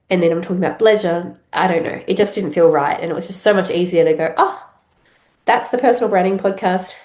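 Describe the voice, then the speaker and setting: A woman's voice: lowish voice, a little mellow, echoey room. An Australian woman hosting her own podcast, talking casually with a stuffy nose from a cold, rambling with many fillers and restarts. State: congested with a head cold. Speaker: podcast host. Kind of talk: casual solo podcast chat.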